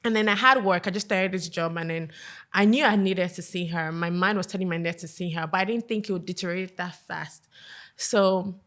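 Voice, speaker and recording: A woman guest on a podcast, telling a personal story in a soft, hesitant way with many fillers. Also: on the low side, brisk.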